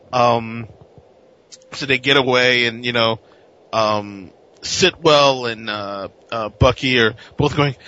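A man casually recapping a comic, animated, acting out characters in silly voices. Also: medium pitch. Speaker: comic book podcast co-host. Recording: dull lo-fi recording.

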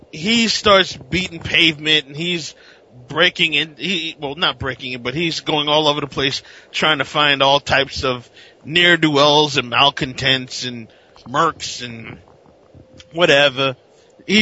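A man with a bright, fairly high voice recapping a comic in a casual way. He acts out the characters in silly put-on voices. The recording sounds dull and lo-fi. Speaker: comic book podcast co-host.

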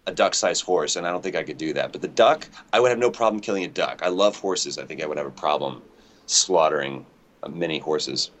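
A man's voice: rumbling low, fairly quick, fairly bright tone. A man talking casually as an interview guest over an internet call, rambling and joking at his own expense, with aircraft noise faint behind him. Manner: rambling, jokey, self-deprecating. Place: home near an airport.

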